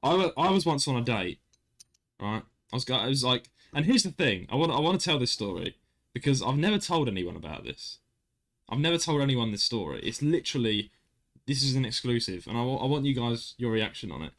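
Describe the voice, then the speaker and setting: A man's voice: medium pitch, brisk. A young man, hosting a casual podcast chat and telling a story with lots of restarts. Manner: animated storyteller, self-interrupting with restarts. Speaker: podcast host.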